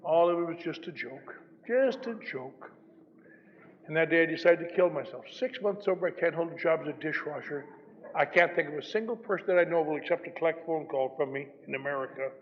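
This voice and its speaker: An older man speaks at a recovery meeting in a fairly high voice and tells his story with wry, self-mocking humor. It is a dull old recording with a long hall echo and faint background hiss. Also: fast talker.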